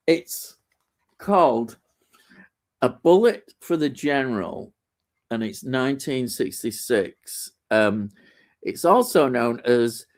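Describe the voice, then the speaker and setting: A man rambles happily through a casual film chat on his live stream. His pitch swings up and down a lot as he gets carried away. He keeps starting over and filling gaps with ums. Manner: rambling, enthusiastic, with fillers and restarts.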